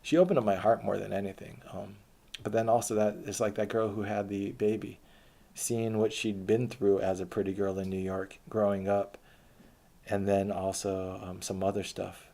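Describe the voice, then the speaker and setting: A man's voice: fairly low pitch, level tone, moderate pace, vocal fry, mellow. A man telling a rambling autobiographical story in a casual, profane way, with many restarts and fillers. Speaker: storyteller recounting his dating life.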